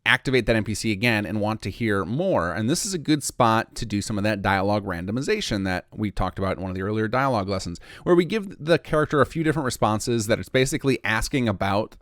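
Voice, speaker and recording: A man's voice: on the low side, lively intonation, quick pace, hardly any pauses, fairly bright tone, no room sound, clean studio sound. A man giving a casual screen-recorded modding tutorial, thinking aloud and correcting himself as he clicks through the editor.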